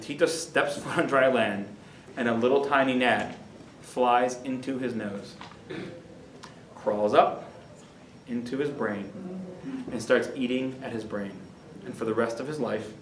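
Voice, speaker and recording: Rabbi telling a story in a roomy hall. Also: male voice, mid-range voice, slight background noise. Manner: animated, dramatic storytelling. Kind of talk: storytelling lecture.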